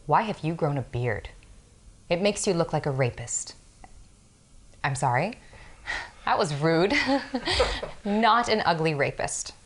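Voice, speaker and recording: An actress playing an eccentric, needy wife who blurts awkward remarks and then apologizes. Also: female voice, low voice, expressive, takes it slowly, pauses often, a little hiss or hum. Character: eccentric, needy woman, a presumed-dead wife.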